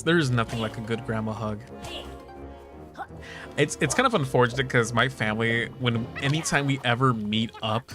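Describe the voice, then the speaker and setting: A young man chatting casually while he plays, candid and full of swearing and laughter, jumping into high mocking voices when he quotes people. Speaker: streamer. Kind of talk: casual chat while gaming. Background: game music.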